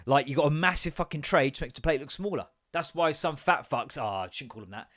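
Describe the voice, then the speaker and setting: A man's voice: fairly high pitch, lively intonation, a little fast, fairly bright tone. A man, hosting a casual podcast and rambling, swearing and mocking himself as he talks. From England. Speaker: podcast host. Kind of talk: casual solo podcast rant.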